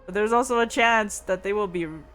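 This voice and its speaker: A woman's voice: medium pitch, a little fast, a bit bright, soft background music. A woman streamer chatting casually with viewers, reading their messages, rambling with lots of fillers, teasing, and giggling often.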